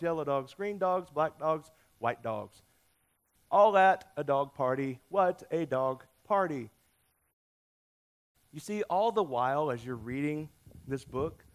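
A man preaching a sermon, telling a story in a playful, lively way with lots of shifts in emphasis. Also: on the high side. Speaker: pastor.

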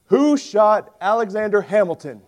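A radio quiz host announces the big prize question in a brisk, announcer-style delivery, as a preacher puts him on. His voice is pitched on the high side. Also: expressive, a little mellow. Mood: announcing.

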